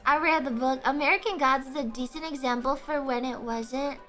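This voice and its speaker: A woman hosting a casual live stream, chatting with viewers in an animated, profane, ranting way, often breaking into laughter. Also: sits high, fairly quick, soft background music. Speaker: livestream host.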